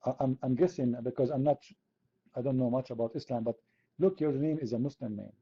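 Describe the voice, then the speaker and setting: A man's voice: mid-range voice, a little fast, breathy edge, lo-fi sound. A man from the Middle East, hosting an online chat room debate in a sarcastic, mocking, argumentative way. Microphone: computer mic.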